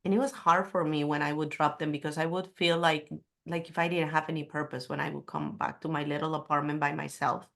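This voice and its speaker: A middle-aged woman speaks as a guest, recounting a personal story with candor and feeling. Her voice sits on the low side for a woman. Her English carries small non-native grammar slips. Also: flat delivery, fairly quick, creaky, a bit bright.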